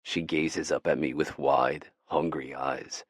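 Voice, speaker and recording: Guy narrating a romance audiobook, super deep gravelly voice, husky, dry close sound. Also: fairly even intonation, slow pace, hardly any pauses, no room sound. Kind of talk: first-person romance narration.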